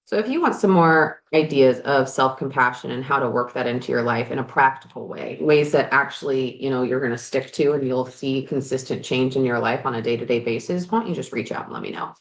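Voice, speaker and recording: Low-pitched woman, frank coaching chat, casual swearing, roomy garage echo. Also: a little fast, few pauses. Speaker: life coach and podcast host. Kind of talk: candid motivational chat. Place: garage, working on projects.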